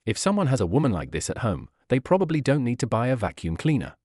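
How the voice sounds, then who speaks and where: Man reading a story, lively pitch, dry sound. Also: fast talker, dry recording. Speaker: narrator. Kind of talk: scripted narration of a web novel.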